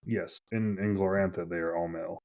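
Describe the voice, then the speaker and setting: A man's voice: deep voice, steady tone, fairly quick, dull audio. A man running a tabletop game as game master, describing scenes in a rambling way full of "like" fillers.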